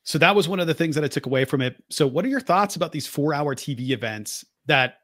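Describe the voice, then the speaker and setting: A man with a bright, mid-pitched voice rants about wrestling on a podcast, recorded dry and close. He gets exasperated and stammers now and then. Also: expressive, fast talker, no room sound. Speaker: podcast co-host. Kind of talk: casual wrestling chat.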